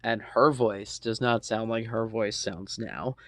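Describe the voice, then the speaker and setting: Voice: mid-range voice, steady tone, slow, dry recording. An adult in their thirties casually telling a personal story, rambling with lots of ums and asides and swearing freely.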